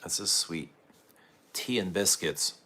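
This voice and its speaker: Low, bright-voiced man hosting a livestream. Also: slow, breathy edge. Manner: chatty, greets viewers and reads their comments aloud. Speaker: perfume livestream host. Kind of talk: casual livestream chat with viewers.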